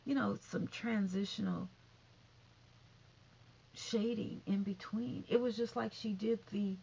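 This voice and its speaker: A woman's voice: medium pitch, steady tone, slow, creaky, mellow, breathy edge. A woman vlogger giving sassy casual commentary, calling listeners honey and baby. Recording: dull lo-fi recording with faint noise.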